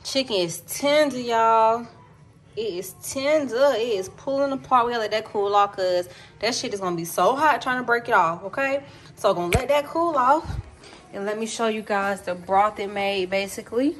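In an echoey home kitchen with faint background noise, a woman in her thirties cooks and talks casually straight to her viewers. She's a chatty cooking vlogger whose voice is a little high and moderately paced.

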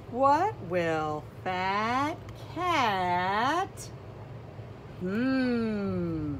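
A woman reading a children's picture book aloud, animated and exclaiming, asking her young listeners questions. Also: a little high, a little hiss or hum. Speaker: children's storybook reader.

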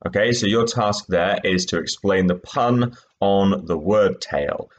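A male English teacher explaining tasks in a recorded lesson, patient and clear, with some fillers. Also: deep voice, a little slow. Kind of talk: recorded lesson with read-aloud extracts.

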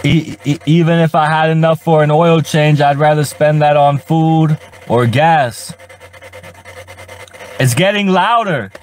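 A man's voice: fairly high pitch, flat delivery, a little slow, hardly any pauses, darkish tone, soft background music. A man rambling on a live stream from inside his parked car, talking to his chat in a frustrated, profane way and stammering over repeated words. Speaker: livestreamer.

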